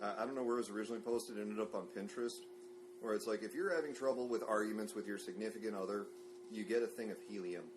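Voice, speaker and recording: A man's voice: on the low side, racing. A man co-hosting a casual podcast chat, telling stories and laughing through them. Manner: storytelling, laughs through his own stories. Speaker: podcast co-host. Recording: humming background noise.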